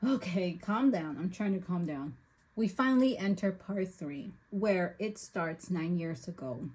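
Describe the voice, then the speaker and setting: A woman talks through a book she has been listening to, retelling events and then venting her frustration at the lead character. Her voice has a faint husky edge. She speaks at an unhurried pace, even as the rant builds. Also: lowish voice, rough recording. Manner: exasperated, ranting at the plot. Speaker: book reviewer. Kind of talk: spoken book review and recap.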